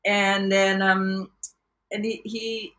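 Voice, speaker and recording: A woman's voice: medium pitch, little pitch movement, slow, a bit bright. A woman coach telling a personal story to camera in an earnest, reflective way, often stopping and restarting her sentences. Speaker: life and business coach.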